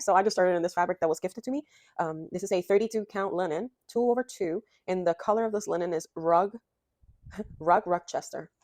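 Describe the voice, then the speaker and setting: In a dry recording, a young adult woman with a medium-pitched voice chats in a casual vlog from her home craft room, gushing and rambling about cross stitch with plenty of fillers.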